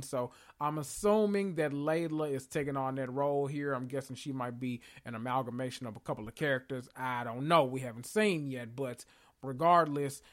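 A man casually recapping a TV episode, sassy and profane, telling it like gossip. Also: fairly high pitch. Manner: sassy, profane, animated storytelling with slang.

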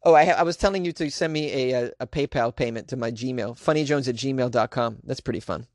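A man hosting a solo podcast from a small closet, rambling and self-mocking, overly caffeinated, with sudden jumps in pitch. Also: fairly quick, darkish tone, no echo, studio quality. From Boston area. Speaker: podcast host.

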